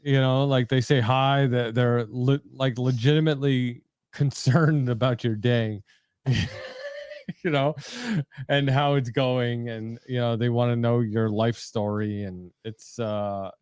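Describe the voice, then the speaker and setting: A man's voice: mid-range voice, takes it slowly, clear, resonant tone, no echo, clean studio sound. A man in his thirties co-hosting a live show, chatting loosely with many fillers. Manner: lively, chatty storyteller with filler words. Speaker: podcast co-host. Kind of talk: casual chat.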